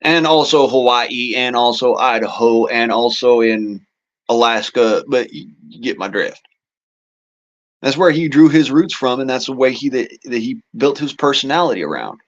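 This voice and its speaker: A man's voice: medium pitch, expressive, moderate pace, dull audio. A man hosting a casual political monologue, talking in a rambling, profane way with folksy turns of phrase. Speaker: show host.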